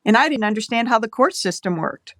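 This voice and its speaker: A middle-aged woman telling a personal story as a podcast guest, earnest, slowing down for quoted voices. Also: a little high, big pitch swings, fairly bright tone, no room sound, studio quality.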